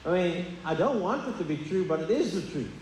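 A man's voice: high-pitched, expressive, fairly quick, darkish tone, a little hiss or hum. A man preaching a sermon as pastor, earnest and confessional, often stumbling over fillers and restarts. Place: church sanctuary. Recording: echoey hall, faint ambience.

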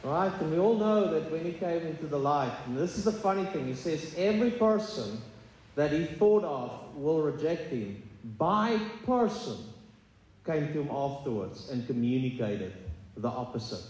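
A man's voice: on the high side, very animated, moderate pace, darkish tone, slight background noise. A man preaching a sermon as pastor, earnest and confessional, often stumbling over fillers and restarts. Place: church sanctuary. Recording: echoey hall, faint ambience.

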